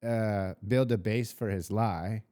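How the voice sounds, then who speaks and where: Dude on a podcast, mellow smooth voice, wry and laid back. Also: male voice, fairly low pitch, steady tone, slow pace. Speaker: podcast co-host. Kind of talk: casual recap chat.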